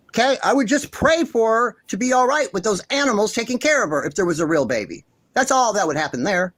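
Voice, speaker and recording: A man's voice: high voice, big pitch swings, fast talker, a bit bright, no echo. A man hosting a commentary vlog, ranting passionately and indignantly, swearing often and insisting on the same points over and over. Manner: repeats himself insistently. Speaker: commentary channel host.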